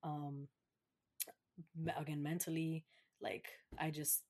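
A young woman with a lowish voice tells a personal story in a loose, candid podcast chat. She swears freely and slips into other people's voices when she quotes them. Her speech is relaxed and conversational, full of fillers. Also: takes it slowly. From Massachusetts. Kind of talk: casual chat.

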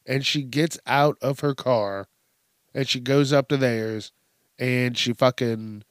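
Slow-talking, foul-mouthed man ranting. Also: medium pitch, no room sound, clean studio sound. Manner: crude, swearing constantly, laughing at his own jokes. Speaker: podcast host. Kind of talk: profane comedic rant.

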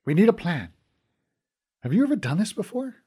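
A man's voice: high-pitched, sing-song, fairly quick, mellow, husky, voice pushed up, exaggerated voice. Man doing an easygoing, dry-humored adventurer. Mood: scheming. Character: easygoing adventurous male companion.

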